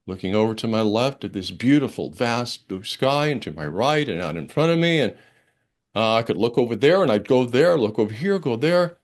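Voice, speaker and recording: An older man preaches at a church service with a mid-range voice, neither high nor low. He tells a personal story in a relaxed, conversational way, with fillers and restarts. He swings between a quiet hush and lively excitement. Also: moderate pace. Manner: expressive, dramatic storytelling with big swings between hushed and excited. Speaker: minister.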